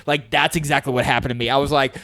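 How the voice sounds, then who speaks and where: A young man co-hosting a podcast, telling stories in a loose, animated way, leaning on "like" and "dude" as fillers. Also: medium pitch, fast talker, dry recording, clean studio sound. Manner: animated storyteller, heavy filler use of "like" and "dude". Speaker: podcast co-host. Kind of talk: casual chat.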